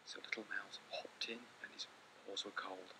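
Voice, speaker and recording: A man reading a children's picture book aloud with lots of expression, often dropping into hushed whispers. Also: fairly low pitch, level tone, normal speed, low-quality recording. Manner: theatrical, slipping into hushed whispers. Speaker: storyteller.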